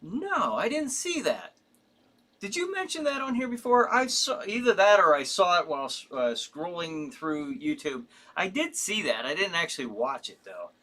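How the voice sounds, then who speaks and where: Rambling male stream host, lively pitch. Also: moderate pace. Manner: reads viewer comments aloud and answers them; rambling, with many fillers and restarts. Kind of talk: casual live-stream chat.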